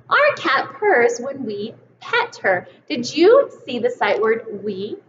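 A woman teaching kindergartners a reading lesson, speaking in a slow, encouraging teacher voice and stretching out the sounds of words. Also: on the high side, sing-song. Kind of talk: slow, clear reading lesson for young children. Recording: slightly dull, roomy home recording with faint noise.

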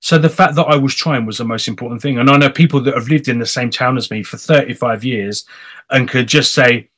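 An English man hosts a relaxed chat show in a middle-pitched voice. He talks in a chatty, animated way and tosses in playful asides. He sounds easygoing and at home with his guest. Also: a little fast. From England. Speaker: host. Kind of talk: casual chat.

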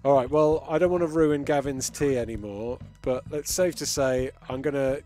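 A man's voice: medium pitch, normal speed, warm tone, soft background music. A man giving live, amused commentary while he plays a retro game and reads chat. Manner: chatty, amused, reacting as he plays. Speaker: game streamer.

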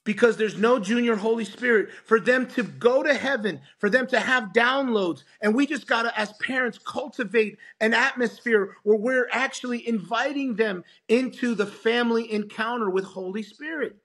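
A man's voice: very high voice, moderate pace, few pauses. A man, a pastor, telling a testimony as a podcast guest and acting out the voices of the people in it. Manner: animated, acts out quoted voices. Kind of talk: storytelling testimony.

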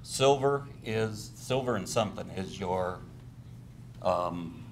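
A man's voice: low-pitched, lively intonation, slow, background noise. An older man speaking as a public commenter at a city council meeting, aggrieved and emotional. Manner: aggrieved, grows agitated and emotional.

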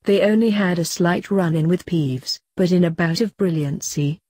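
A woman reading a fanfiction story aloud at a steady, even pace, voicing both narration and dialogue. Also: on the low side, slightly rough, no echo. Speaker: fanfiction reader.

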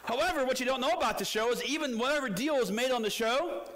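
A man's voice: extremely high pitch, fast, fairly bright tone. A man preaching a sermon as pastor, telling a story with animation and putting questions to the congregation.

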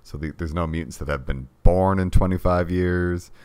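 Very deep-voiced rambling man. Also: normal speed, clear, resonant tone, no room sound. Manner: rambling, many "like" fillers, trailing off softly. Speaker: podcast co-host. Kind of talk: casual movie discussion.

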